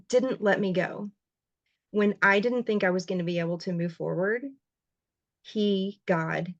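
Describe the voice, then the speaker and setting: Guesting on a podcast interview, a female writer and journalist tells her story with heartfelt expressiveness, her voice leaping upward at emotional moments. The recording has no echo.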